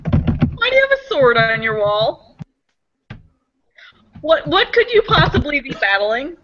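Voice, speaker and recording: A woman chatting casually on a podcast, giggly and excitable. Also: sits high, measured pace, muffled recording, a little hiss or hum. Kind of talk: casual chat.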